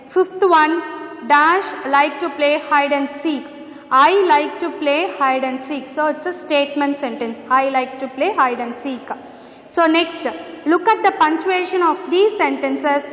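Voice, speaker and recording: A woman's voice: very high voice, a bit bright. A woman teaching an English grammar lesson, patiently repeating phrases as she explains. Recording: echoey room with long reverb.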